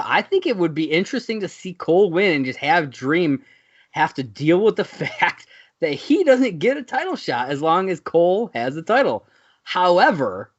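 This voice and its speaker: A man co-hosting a podcast, chatting casually about wrestling in a relaxed, rambling way. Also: fairly high pitch. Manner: relaxed, rambling, many fillers. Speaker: podcast co-host. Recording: dull lo-fi audio.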